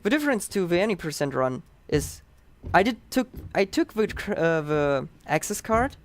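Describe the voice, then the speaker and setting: A man's voice: a little high, big pitch swings, normal speed, a little hiss or hum. A man with a Dutch accent giving chatty, upbeat live commentary on his own speedrun, explaining as he plays.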